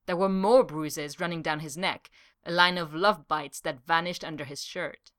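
A woman reading a short story aloud, narrating with an expressive manner. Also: low-pitched, normal speed, no echo, studio quality. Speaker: story reader.

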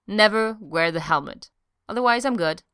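A woman reading a brash, excitable man. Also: medium pitch, normal speed, clear, resonant tone, no echo, studio quality. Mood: excited. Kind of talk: audiobook reading.

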